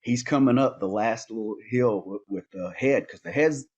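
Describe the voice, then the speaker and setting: A man, a podcast guest and hunting outfitter, telling stories in a lively, animated way and often repeating words. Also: mid-range voice, moderate pace, highs cut off. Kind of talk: casual storytelling conversation.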